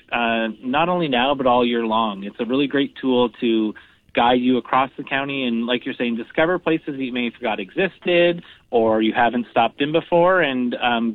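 Calling in by phone to a radio interview, a man from a regional tourism program explains things upbeat, with lots of fillers. His voice is mid-range and the recording is dry.

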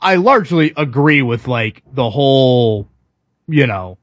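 A man's voice: mid-range voice, expressive, a little slow, no room sound. A man hosting a sports radio talk show, chatting casually with a wry, self-deprecating manner.

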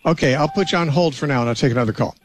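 A man's voice: a little high, rapid-fire, a little hiss or hum. A man hosting a call-in radio show, talking with callers in a patient, conversational way.

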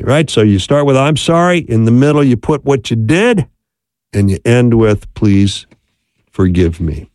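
A man's voice: mid-range voice, lively intonation, moderate pace, a little mellow, no room sound, studio quality. A man giving a conversational talk on marriage, often checking in with "right?". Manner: conversational, keeps asking "right?".

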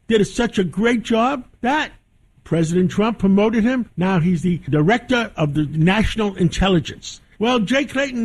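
A man with a notably high speaking voice hosts a radio talk show. He rambles with enthusiasm, restarting sentences and tripping over words as he pushes his points. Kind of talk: casual talk radio hosting.

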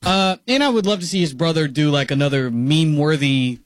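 A man's voice: on the high side, a little fast, no room sound. A man in his twenties co-hosting a casual podcast chat, telling stories with dry humor. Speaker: podcast co-host.

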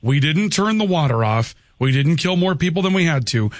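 Talk show host, a man who argues calmly and conversationally, in a dry studio. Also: a little high, dry recording. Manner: measured, argumentative, conversational. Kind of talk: talk radio hosting. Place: radio studio.

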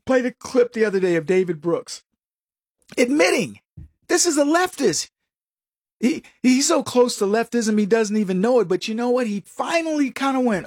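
Combative high-voiced male commentator. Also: animated, moderate pace, a little mellow, dry recording, clean studio sound. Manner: combative, sarcastic, mocking quoted voices. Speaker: political commentary host. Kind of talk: talk show monologue.

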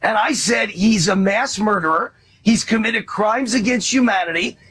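A man's voice: high voice, normal speed, fairly bright tone, slightly rough, rough recording. A male talk show host speaking bluntly and emphatically, raising his voice to stress a point. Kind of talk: conversational interview.

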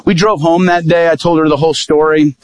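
A man preaching as an evangelist, with a voice a little higher than most men's. He tells a personal story and acts out the lines of the people in it. The sound is dry and close, with almost no room echo. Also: level tone, fairly quick. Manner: vivid storytelling, acting out quoted dialogue. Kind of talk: sermon storytelling.

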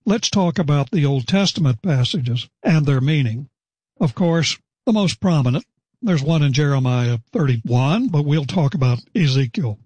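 Husky-voiced man teaching Scripture. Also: a little high, animated, moderate pace, darkish tone, dry recording. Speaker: Bible teacher. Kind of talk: expository Bible teaching.

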